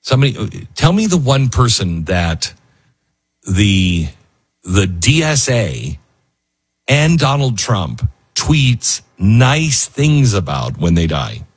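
A man's voice: on the low side, sing-song, slow, husky. A man hosting a talk show, speaking in an earnest, heartfelt, wandering way. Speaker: radio show host. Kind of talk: emotional talk radio monologue.

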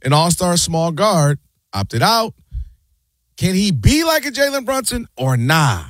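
A man co-hosting a casual sports talk show, animated and quick to act out what people said. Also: high-pitched, no echo. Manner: animated, acts out quotes in put-on voices.

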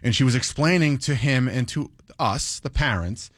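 A man's voice: mid-range voice, moderate pace, a bit bright, no echo, studio quality. A man hosting a morning radio show, chatting casually and laughing often.

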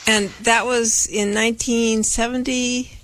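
A woman's voice: on the high side, flat delivery, a little slow, fairly bright tone, dry recording. A woman interviewing a guest, with short, curious questions.

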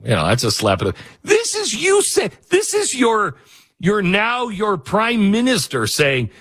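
Husky man with lively mocking delivery. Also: sits high, measured pace. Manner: lively, mocking, laughs at own jokes. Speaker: show host. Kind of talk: casual commentary show.

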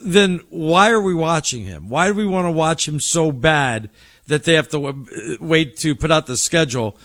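A man's voice: a little high, animated, normal speed, a bit bright, dry recording. Incredulous sports radio co-host, man. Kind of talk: casual sports radio banter.

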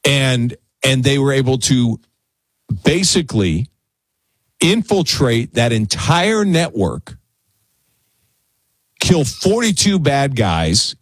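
A man's voice: medium pitch, slow, long pauses, husky, no echo. A male radio talk show host speaking conversationally into a studio microphone, often repeating words as he gets going. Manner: conversational, stammers and repeats words when excited. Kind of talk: casual talk radio monologue. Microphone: studio broadcast mic.

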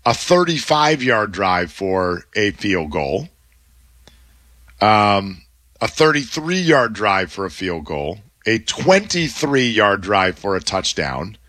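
A man hosting a sports radio show in a studio, talking through the week's games with a co-host in an animated, analytical way. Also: on the low side, no room sound. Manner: animated, analytical, quick back-and-forth. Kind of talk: sports talk radio chat.

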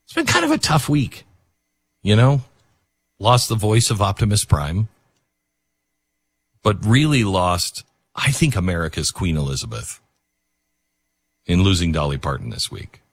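A man's voice: low-pitched, wildly swooping pitch, measured pace, pauses often, husky, no room sound. A man hosting a talk radio show, rambling in casual commentary with many fillers and restarts.

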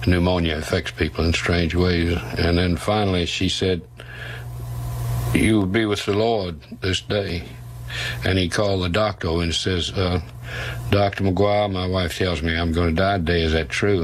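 A man recounting a historical scene in a slow, measured way, pausing often. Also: low voice, level tone, a little hiss or hum, low-quality recording. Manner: slow, measured, with frequent pauses. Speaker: historian interviewee. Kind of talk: unhurried historical storytelling.

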